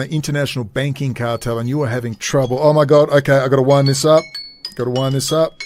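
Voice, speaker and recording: A man's voice: medium pitch, darkish tone. A man hosting a solo podcast, rambling and blunt, swearing freely and trailing off mid-thought. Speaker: podcast host. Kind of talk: casual solo commentary.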